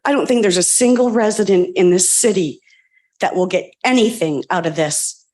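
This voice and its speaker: A woman's voice: mid-range voice, normal speed, darkish tone. Woman resident, passionate public comment, emotional, pointed repeated questions, meeting room mic.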